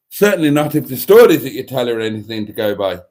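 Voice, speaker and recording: A man's voice: medium pitch, darkish tone. A man hosting a livestream, reading out viewer comments in a casual, wry, teasing way with mock-serious rambling asides. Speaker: livestream host.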